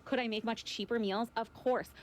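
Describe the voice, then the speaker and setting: A woman's voice: on the high side, fairly even intonation. A woman from the American Midwest ranting casually about food prices in an exasperated way, with many fillers. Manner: fast, exasperated, filler-heavy.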